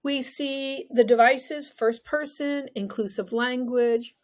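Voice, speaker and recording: A woman's voice: sits high, slow pace, darkish tone. A woman teaching an exam-prep lesson, talking emphatically and putting questions to the viewer.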